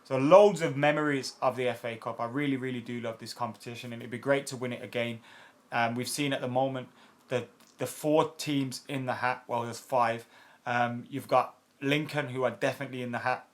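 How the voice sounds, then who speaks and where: A man's voice: medium pitch, steady tone, fairly quick. A man in his late twenties hosting a football fan channel, casually answering viewer comments in a chatty, blunt way with lots of fillers and some swearing. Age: 20s.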